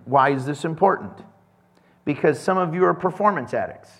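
A man with a fairly high voice preaches to his congregation in a relaxed, chatty way. He acts out everyday scenes, slipping into quick voices for the people in his stories. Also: slightly rough. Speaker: pastor. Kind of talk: casual sermon.

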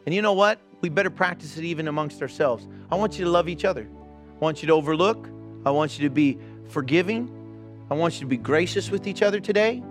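A man with a high voice preaches an earnest, urging sermon, speaking straight to his congregation. He presses each point hard and calls people to act. Faint music sits behind him in the church. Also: fast. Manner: earnest, exhorting, addresses congregation directly. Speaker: pastor.

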